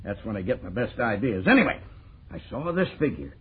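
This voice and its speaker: An actor playing a boastful, chuckling prison governor in a 1940s radio drama, heard over a tinny old broadcast. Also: male voice, lowish voice, sing-song, fairly quick, breathy edge, full character voice. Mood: gloating. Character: boastful American prison governor, middle-aged man.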